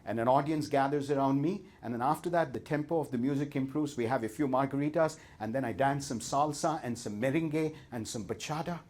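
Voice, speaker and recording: A man's voice: medium pitch, brisk, few pauses, darkish tone, natural voice. A man with an Indian accent playing a contented, carefree Mexican fisherman who tells of his easy, leisurely day.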